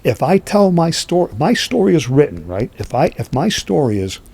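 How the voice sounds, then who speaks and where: A man who is a podcast guest, telling stories in a lively way and acting out what people said. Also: fairly high pitch, moderate pace, gravelly, husky. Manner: lively, acts out quoted speech. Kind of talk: animated storytelling.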